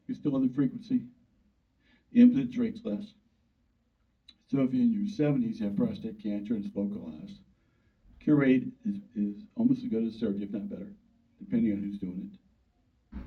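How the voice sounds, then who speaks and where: An older man, a urologist, giving a blunt, folksy informal talk to an audience and acting out quoted conversations. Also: mid-range voice. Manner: folksy, blunt, plain-spoken, acts out quoted dialogue. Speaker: urologist speaking to a club. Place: meeting room. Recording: distant mic over a tinny phone-like line.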